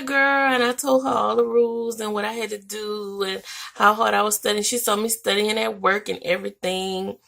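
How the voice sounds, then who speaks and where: Chatty young woman with a gravelly edge. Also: on the high side. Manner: animated, chatty, with "like" and "y'all" fillers. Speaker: vlogger. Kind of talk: casual storytelling to camera.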